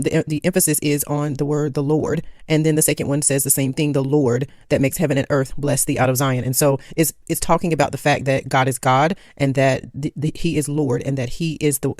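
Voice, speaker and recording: Fast-talking man explaining scripture. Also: mid-range voice, darkish tone, no echo, studio quality. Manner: explanatory, reading verses aloud then unpacking them. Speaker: Bible study teacher.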